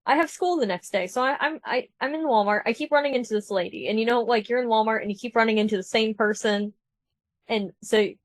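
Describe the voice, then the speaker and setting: A woman's voice: fairly high pitch, fast talker, dry recording. A woman telling a story in casual podcast chat, acting out the people she quotes. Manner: animated storyteller, acts out quoted voices.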